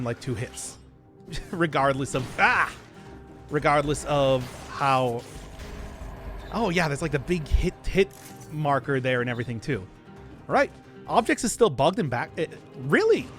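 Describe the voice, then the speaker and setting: A man's voice: fairly high pitch, fairly bright tone. Giggly, rambling man on a game stream. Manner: rambling, giggly, talks to chat. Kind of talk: casual gaming livestream chat.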